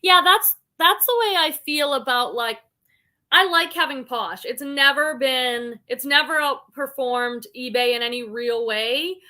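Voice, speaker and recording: A woman's voice: high-pitched, unhurried, bright, forceful tone. A woman hosting a casual live stream, reading viewer comments aloud and chatting about them. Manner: chatty, reads comments aloud then reacts.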